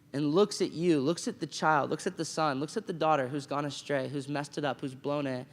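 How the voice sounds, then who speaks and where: Male chapel speaker, fairly high voice, animated storytelling sermon, long hall reverb. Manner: animated storytelling, acting out quotes, asks the room "right?". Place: school chapel.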